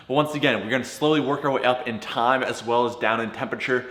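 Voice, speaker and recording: A man's voice: mid-range voice, fairly even intonation, fast, hardly any pauses, a bit bright, reverberant. A young man talking casually to camera as a vlogger, chatty and swearing as he gets into cold water. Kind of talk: casual vlog talk to camera.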